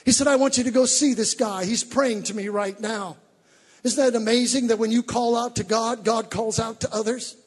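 A male preacher giving a fervent sermon, rising from teaching to shouted exhortations. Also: very high voice, steady tone, normal speed, slightly rough, long reverb tail.

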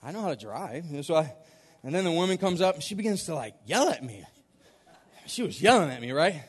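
A man preaching with a high voice that swings widely in pitch, telling a story in an animated way and acting out his own reactions. His voice rings with the long reverb of a big church hall. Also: a little fast, slightly rough. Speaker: pastor. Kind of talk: storytelling sermon.

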